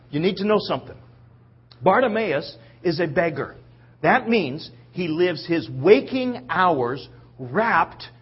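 A man's voice: a little high, breathy edge, lo-fi sound. A man preacher delivering a sermon, telling the story vividly and checking in with listeners. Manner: animated storytelling, acts out quotes, checks in with listeners.

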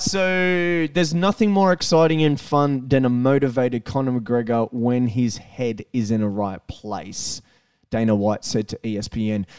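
An Australian man co-hosting a podcast, talking sport in a blunt, excitable way and swearing freely. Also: mid-range voice, smooth, no echo, studio quality, recorded from a distance. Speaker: podcast co-host. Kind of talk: casual chat.

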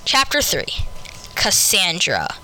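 A woman reading a first-person story aloud with lively storybook delivery, putting on voices for each character. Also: lowish voice, takes it slowly, a little hiss or hum, rough recording.

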